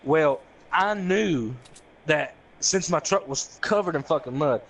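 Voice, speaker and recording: A man's voice: a little high, measured pace. A young man telling a profane, laughing story to friends in a casual chat. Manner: profane, laughing, animated retelling with quoted voices.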